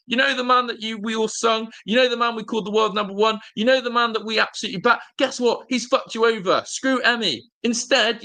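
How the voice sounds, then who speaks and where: A man's voice: very high voice, bright, forceful tone. A man, hosting a live football watch-along from a hotel room and ranting angrily at his team, swearing and repeating himself. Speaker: fan channel host.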